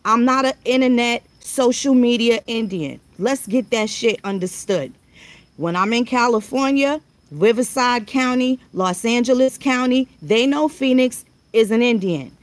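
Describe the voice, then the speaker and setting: A woman's voice: a little high, no echo. Blunt, confrontational woman ranting. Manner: blunt, confrontational, profane street talk; drawn-out phrases with rhetorical questions. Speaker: vlogger. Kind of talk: direct-to-camera rant.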